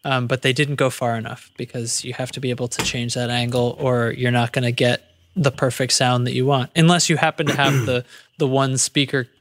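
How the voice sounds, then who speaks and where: A man's voice: mid-range voice, level tone, brisk, fairly bright tone, a little hiss or hum. A man co-hosting a casual podcast, talking in rambling runs with lots of restarts. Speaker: podcast co-host. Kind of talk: casual chat.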